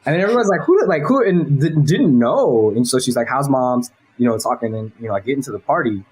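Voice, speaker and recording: A man from Los Angeles talks as an interview guest, his voice husky and a little breathy. He rambles loosely through his answers, swearing casually and laughing along the way. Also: medium pitch, lively intonation, quick pace, darkish tone, poor audio. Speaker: guest, animation director.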